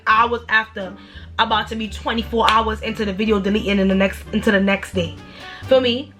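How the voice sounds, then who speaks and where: A young woman telling a storytime in a blunt, animated, slangy way, with sudden high exaggerated outbursts. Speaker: storytime vlogger. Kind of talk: casual storytime rant.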